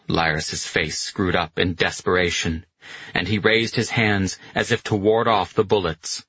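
A man narrating an audiobook in a measured, dramatic way. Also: low voice, steady tone, a bit bright, husky, dry recording. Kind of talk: scripted narration. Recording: slightly muffled dry recording.

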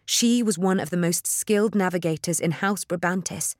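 Captured with studio quality and no room sound, a woman's fairly low voice reads an audiobook script at a steady, measured storytelling pace.

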